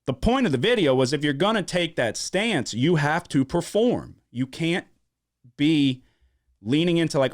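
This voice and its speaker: A man from Louisiana hosting a sports-betting podcast, telling a story in casual chat with a lot of swearing and animated emphasis. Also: a little high, normal speed, no room sound, studio quality. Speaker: podcast host. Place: studio.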